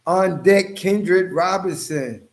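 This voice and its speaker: Brief: male livestream host, slightly high voice, loose and joking, chats to viewers by name. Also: takes it slowly. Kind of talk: casual livestream chat.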